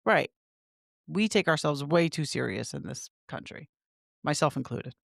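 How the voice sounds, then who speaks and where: Low-voiced opinionated woman podcaster. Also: normal speed, vocal fry, dry recording, studio quality. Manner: opinionated, emphatic, animated. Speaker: podcast co-host. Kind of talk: casual chat.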